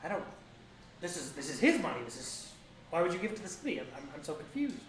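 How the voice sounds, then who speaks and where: A man voicing an ancient gold dragon guarding a vault, posing as an old dwarf, speaking slowly and grandly in an echoey room. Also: sits high, big pitch swings, slight background noise. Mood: grave. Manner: bellowing, slow and stately.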